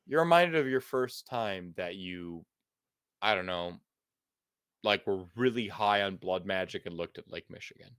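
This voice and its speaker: A man's voice: low-pitched, measured pace, a bit bright, clean tone, no echo, studio quality. A man narrating as game master in a tabletop role-playing game, loose and full of "like"s. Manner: loose, filler-heavy narration with "like".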